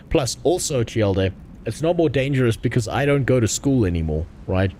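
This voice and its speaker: A man's voice: medium pitch, expressive, moderate pace, dark tone, slight background noise. A man streaming a game, reading the dialogue aloud and making crude, profane jokes. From South Africa. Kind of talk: casual gaming stream commentary.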